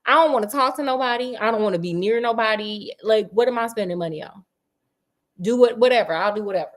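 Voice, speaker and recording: A woman's voice: on the high side, quick pace, natural voice. A woman voicing a bored, reclusive older brother who answers in a blunt, dismissive, drawling way. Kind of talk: casual storytelling.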